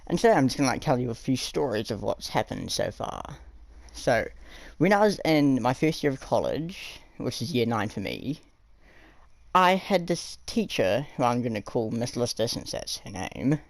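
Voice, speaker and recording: A young man spins rambling, filler-heavy storytime tales from school, animatedly voicing the people he quotes by jumping high and low in pitch. He speaks at normal speed with a creaky voice, and the low-quality recording has no room sound.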